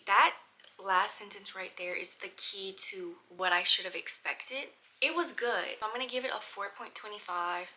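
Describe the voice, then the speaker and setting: A woman's voice: mid-range voice, unhurried, sharp tone, rough recording. A woman, chatting animatedly and emphatically as she reviews books on her vlog. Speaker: book vlogger. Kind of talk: casual book review chat.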